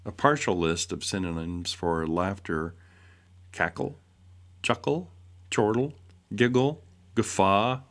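Slow, low-voiced man reading an essay. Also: expressive. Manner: measured, with rhetorical questions. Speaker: essay reader. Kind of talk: reading a devotional essay aloud.

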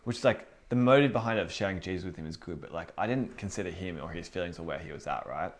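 Aussie guy preaching, kinda low voice, super chatty and earnest, lots of "you know what i mean". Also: lively intonation, quick pace, a little hiss or hum. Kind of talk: informal sermon.

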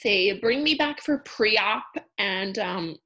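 A woman in her thirties telling a personal story in a candid, conversational way, with fillers and soft laughs. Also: mid-range voice, lively intonation, slow. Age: 30s. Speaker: storyteller sharing a personal loss.

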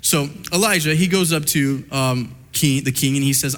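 A man preaching a sermon who retells a Bible story in an animated way and speaks directly to his listeners. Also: mid-range voice, normal speed, in a large hall.

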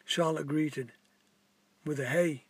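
A man reads a gentle story about a park keeper. His voice is slightly husky and sits a little high for a man. The recording is dry and close, with no room sound. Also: steady tone, no echo. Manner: plain, halting reading with small restarts. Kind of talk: amateur story reading.

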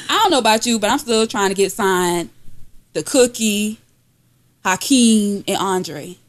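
A young woman co-hosting a casual comedy podcast, joking loudly, laughing often and breaking into shouts and sung lines. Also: unhurried. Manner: loud, laughing often, bursts into high singing and shouting. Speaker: podcast co-host.

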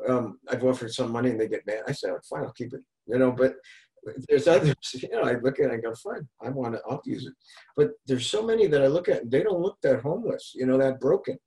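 A man's voice: mid-range voice, animated, quick pace, warm tone, rough recording. Rambling, storytelling male podcast host. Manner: rambling, restarts, retells street encounters. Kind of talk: casual chat.

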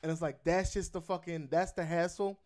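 A man's voice: a little high, steady tone, brisk, a little mellow. A man chatting casually about pizza spots, laid-back and profane, laughing often. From Philadelphia.

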